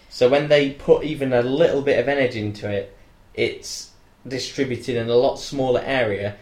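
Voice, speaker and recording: Jokey young man in an echoey room. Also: mid-range voice. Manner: jokey, rambling, bursts into loud mock shouts. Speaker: co-host. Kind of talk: casual comedic chat.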